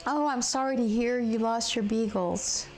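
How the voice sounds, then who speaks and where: A woman hosting a casual live craft demonstration from her home craft room. She is chatty and halting, with many fillers and restarts, and she talks to viewers in the chat while she colors. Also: a little high, darkish tone, faint music behind, low-quality recording. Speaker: crafting livestream host.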